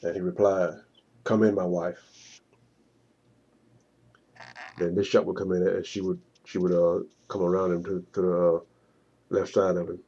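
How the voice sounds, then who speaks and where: A man narrating a walkthrough of his own screenplay storyboard, halting and often repeating words. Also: low voice, completely flat delivery, warm tone, slightly rough, muffled recording. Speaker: writer pitching his screenplay.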